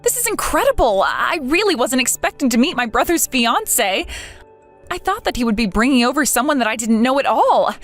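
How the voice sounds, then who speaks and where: A woman's voice: high-pitched, a bit bright. Jane, a woman reading a bewildered, pleading young woman. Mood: stunned. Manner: earnest, bewildered and hurt. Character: young woman betrayed by her friend, pleading. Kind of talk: text-message story reading.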